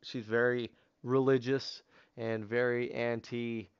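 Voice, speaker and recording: A man's voice: mid-range voice, little pitch movement, slow, smooth, dull audio. A man hosting a podcast, telling a long story in casual chat, with lots of fillers and swearing. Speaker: podcast host. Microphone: headset over online voice chat.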